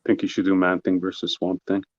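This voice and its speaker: Male co-host, lowish voice, playful ribbing, dull lo-fi sound, dry. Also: monotone, no echo. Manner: teasing, quick to laugh. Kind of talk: casual chat.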